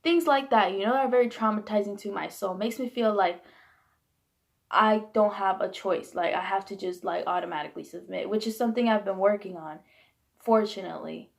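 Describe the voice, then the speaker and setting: A young female vlogger in her twenties rants candidly about her upbringing, venting bluntly and heatedly and swearing freely. She talks a little fast in a mid-range voice with vocal fry.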